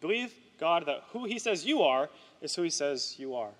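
Animated preaching man in a reverberant hall. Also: fairly high pitch, moderate pace. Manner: animated, conversational preaching with frequent "right?". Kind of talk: sermon.

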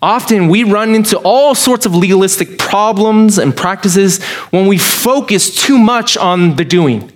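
Male pastor, sermon, high voice, slow deliberate pace, emphatic, dry humor. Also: expressive.

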